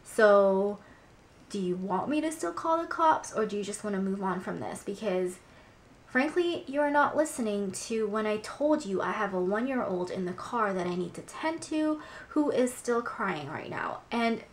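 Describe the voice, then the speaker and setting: A young woman tells a story to her vlog audience in an agitated, swearing rant, with "like" dropped into nearly every sentence. Her pitch sits in a middle range, and faint background noise runs under the recording. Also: lively intonation, moderate pace. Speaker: vlogger.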